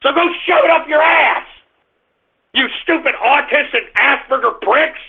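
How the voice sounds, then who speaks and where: A man hosting a radio talk show, ranting aggressively and shouting insults at his listeners. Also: very high-pitched, a little slow, creaky. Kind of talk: angry ranting monologue. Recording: muffled phone-line radio stream.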